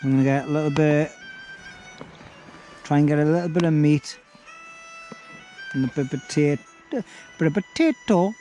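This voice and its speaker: A man's voice: on the high side, level tone, moderate pace, pauses often, mellow, low-quality recording. A middle-aged man, chatting casually to his handheld camera at an outdoor beach camp at night, rambling and self-deprecating. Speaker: bushcraft vlogger. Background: music playing.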